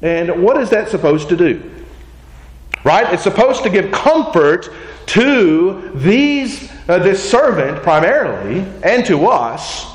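A man preaching a teaching sermon in a conversational way. He keeps asking rhetorical questions and adding "right?" to check in with his listeners. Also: high voice. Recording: echoey room.

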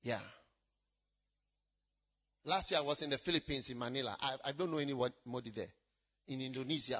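A man preaching a sermon in a church, shouting out points and then dropping low. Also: slightly rough, dull audio. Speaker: pastor.

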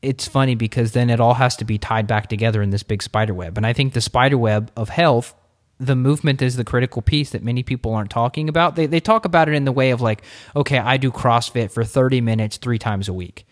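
Animated male podcast host. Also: mid-range voice, quick pace. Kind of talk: casual interview chat.

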